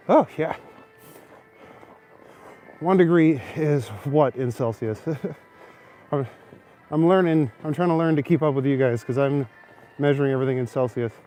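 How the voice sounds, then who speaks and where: A young man from Canada casually livestreams at night as he walks snowy city streets, chatting and responding to viewers. He holds a phone camera while walking, and his voice is mid-range and mellow.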